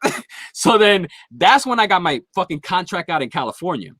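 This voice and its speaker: A man's voice: high-pitched, big pitch swings, moderate pace, a bit bright, dry recording. A man guest on a podcast, telling a long, profanity-heavy story in casual chat. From Philadelphia area.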